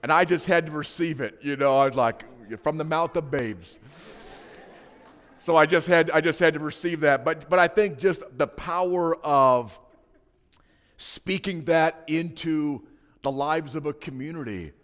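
A man's voice: fairly high pitch, moderate pace, fairly bright tone. A man in his thirties, a pastor giving a sermon, telling personal stories in a conversational way with asides to the congregation. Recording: preaching in a reverberant hall.

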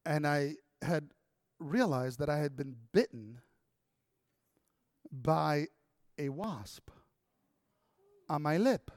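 A man telling a personal story in a talk, animated and acting out the dialogue. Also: fairly high pitch, slow, long pauses, dry recording, studio quality.

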